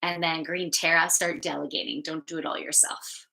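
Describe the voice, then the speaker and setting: A woman's voice: deep voice, flat delivery, normal speed, gravelly, bright, forceful tone, rough recording. A woman hosting a live oracle card reading, talking in a chatty, casual way and swearing offhandedly. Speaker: spiritual card reader and channeler.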